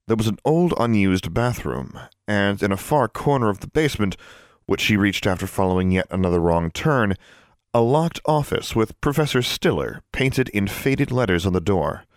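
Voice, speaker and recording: A man reading a story aloud in an even, measured narrating manner. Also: lowish voice, no echo, studio quality. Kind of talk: scripted audiobook narration.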